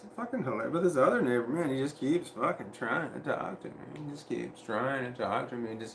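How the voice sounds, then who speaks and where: A man rambles through a story on a casual livestream, swearing freely and restarting his sentences. His voice sits at an ordinary pitch and echoes in a room with a faint hum behind it. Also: creaky. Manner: rambling, profane, restarts often, quotes others in animated voices. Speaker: vlogger telling a story.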